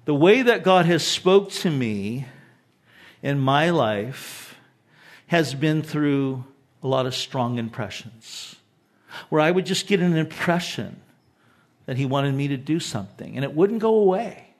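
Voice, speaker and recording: High-voiced pastor in his sixties preaching. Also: measured pace. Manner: animated storytelling, drops to hushed emphasis. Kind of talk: sermon.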